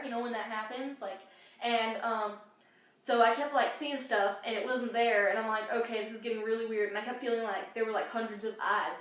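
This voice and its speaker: A woman co-hosting a vlog and telling a story in a put-on British accent, chatty and full of fillers. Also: on the high side. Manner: chatty, many "like" fillers, giggly. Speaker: co-host. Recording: very echoey room.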